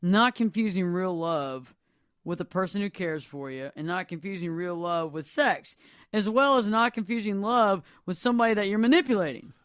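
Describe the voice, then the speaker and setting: Male radio host, high and dry, animated casual chat. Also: moderate pace, clean tone, no room sound. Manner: animated, laughs easily, repeats words. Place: radio studio.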